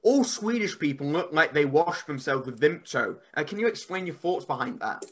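A man, a podcast guest, telling stories in a rambling, animated way. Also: a little high, moderate pace, husky. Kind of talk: casual podcast chat.

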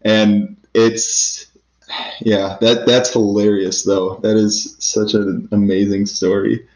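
Low-voiced podcast host in an echoey room. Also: male voice, level tone, a little mellow. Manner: encouraging, quick to laugh and agree. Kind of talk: casual interview chat. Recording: echoey, dull-sounding room.

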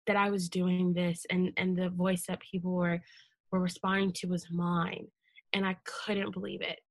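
A woman's voice: lowish voice, level tone, moderate pace, dry recording. Earnest young woman telling a story. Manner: emotional, earnest storytelling with fillers. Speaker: guest. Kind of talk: casual interview conversation.

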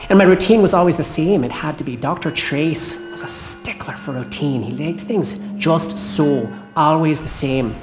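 A shaken woman night cleaner, played by an actress, recounting her ordeal in a horror audio drama, tense and halting with the odd curse. Her voice sits low and sounds roomy, with a music score underneath. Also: close to an everyday voice.

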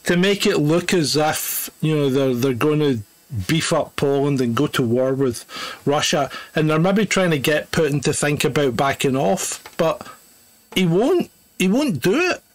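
A man's voice: a little high, lively intonation, a little slow, dry recording. Guy co-hosting a podcast, opinionated, lots of laughs and restarts, dry close sound. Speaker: podcast co-host. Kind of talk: casual chat.

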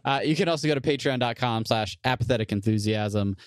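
A man's voice: medium pitch, fast, no room sound, clean studio sound. A man co-hosting a podcast, chatting casually with a laid-back, joking manner and many fillers. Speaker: podcast co-host.

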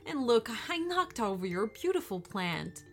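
A woman's voice: on the high side, big pitch swings, a little slow. A woman voicing a tearful, self-doubting young woman superhero in a storybook reading, apologetic and gushing. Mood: upset.

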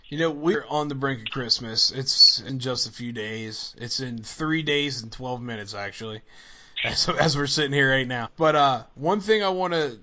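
Bright-voiced excitable podcast host man. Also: medium pitch, muffled recording. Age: 30s. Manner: excitable, fillers like "dude" and "man". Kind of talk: casual podcast chat.

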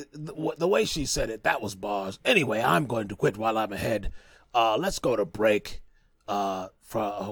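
A man's voice: on the low side, a bit bright, husky, dry recording, studio quality. A man hosting a podcast in a casual, rambling monologue, joking and cursing with lots of fillers and restarts. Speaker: podcast host.

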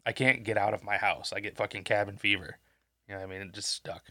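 Here a man co-hosts a podcast despite being sick and stuffed up, swearing, wandering off track and forgetting what he was saying. He talks fast in a lowish, sharp-toned voice with fairly even intonation. The podcast mic gives clean studio sound with no echo.

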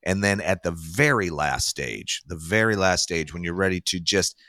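A man hosting a podcast, reading sponsor plugs in a hyped salesman pitch with big swoops up and down. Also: animated, normal speed, bright, forceful tone, dry recording, clean studio sound. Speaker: podcast host. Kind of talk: casual chat with read sponsor ads.

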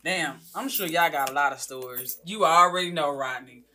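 A woman's voice: sits low, moderate pace. A woman comedian from Mississippi, telling stories in a casual podcast chat and acting out what people said. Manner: animated storytelling, acts out quotes.

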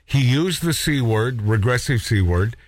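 A man's voice: mid-range voice, lively intonation, a little slow. A man hosting a podcast aftershow, talking in a heated casual chat with frequent stammered restarts. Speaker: podcast host.

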